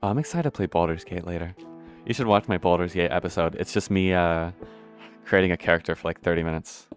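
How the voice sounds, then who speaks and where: A man's voice: low-pitched, fast talker, faint music behind. A man giving casual, rambling commentary while playing a game, swearing often and poking fun at himself. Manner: rambling, profane, self-deprecating. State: out of breath. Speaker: gameplay streamer.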